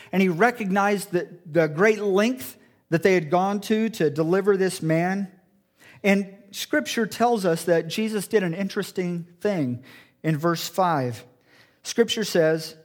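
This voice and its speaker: A man pastor preaching an earnest sermon, acting out quoted thoughts in a low muttering tone. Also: expressive, measured pace.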